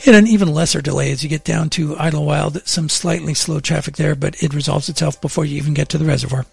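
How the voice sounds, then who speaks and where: A man on morning radio reading the traffic and weather report in a plain, measured way from a studio. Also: fairly high pitch, steady tone, vocal fry, darkish tone, slightly rough, dry recording, soft background music.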